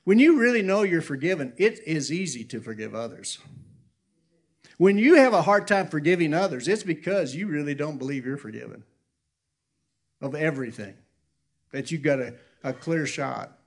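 A man's voice: on the high side, animated, normal speed. A man preaching an informal sermon in a conversational way, restarting his sentences and acting out the people he quotes. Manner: conversational, acts out quotes loudly, self-correcting.

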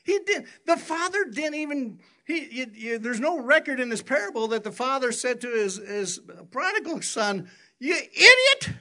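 An older man preaching a sermon, telling stories in an animated way and jumping high for quoted voices. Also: normal speed, few pauses. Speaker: pastor.

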